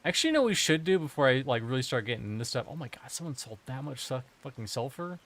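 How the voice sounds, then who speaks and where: A man's voice: medium pitch, very animated, fast, a bit bright. A man streaming a video game, chatting casually and rambling with jokes and swearing. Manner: joking, profane, rambling. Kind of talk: casual gameplay commentary.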